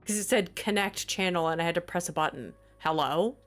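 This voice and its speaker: A woman's voice: on the low side, a little fast, faint music behind. A woman streamer chatting casually on a livestream, flustered, exasperated and apologetic.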